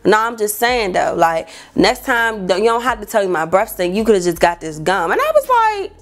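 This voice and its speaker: A young woman, telling a dating story vlog and acting out quotes in a high voice. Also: brisk, soft background music. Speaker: vlogger.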